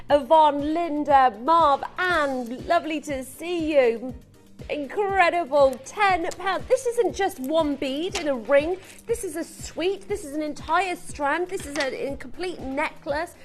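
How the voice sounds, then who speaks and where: Gushing woman selling on live TV. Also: sits high. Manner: excitable, gushing, urging viewers to buy. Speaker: shopping channel presenter. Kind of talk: live TV shopping sales patter.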